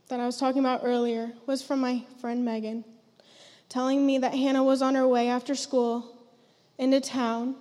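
Teen girl, heartfelt testimony, emotional, fairly high voice, church hall reverb. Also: warm tone. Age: teens. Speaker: student giving testimony. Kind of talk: personal testimony. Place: church sanctuary stage.

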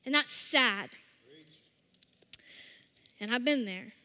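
A woman giving a casual, conversational sermon, acting out scripture scenes in lively voices. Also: a little high, slow. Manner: chatty, acts out quotes with animated voices. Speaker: speaker at a church service. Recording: long reverb of a hall.

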